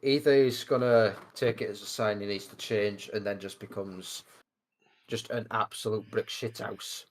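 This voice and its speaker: Blunt, lower-voiced man co-hosting. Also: steady tone, moderate pace, a little hiss or hum. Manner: blunt, profane quips. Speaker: podcast co-host. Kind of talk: casual chat.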